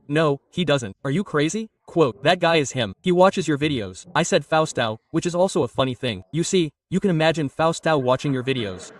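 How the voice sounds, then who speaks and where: A man doing a stand-up comedy set, telling stories with lively crowd work and swearing. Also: a little high, distant mic. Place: comedy club stage.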